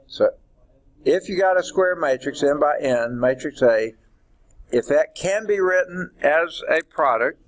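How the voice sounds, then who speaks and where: A man teaching a math class in a classroom, talking deliberately and drawing out his words as he writes on the board. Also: a little high, animated. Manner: deliberate, stretches words while writing on the board. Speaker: math instructor. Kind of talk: classroom lecture.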